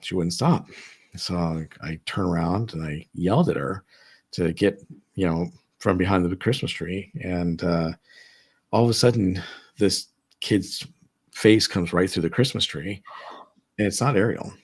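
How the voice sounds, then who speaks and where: Low husky man telling ghost stories. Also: measured pace. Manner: rambling, many fillers and restarts. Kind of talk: casual storytelling chat. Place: his own home, seated at dining table.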